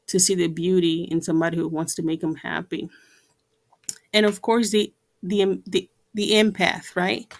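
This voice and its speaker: A woman giving an earnest talk to camera, repeating herself and using many fillers. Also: fairly low pitch. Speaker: vlogger.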